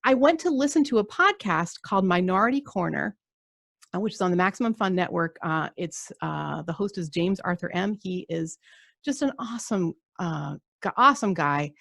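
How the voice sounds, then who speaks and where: A woman's voice: lowish voice, animated, normal speed, vocal fry, fairly bright tone, dry recording. Woman podcast host, chatty rambling storyteller, laughs a lot, dry close sound. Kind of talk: casual conversation.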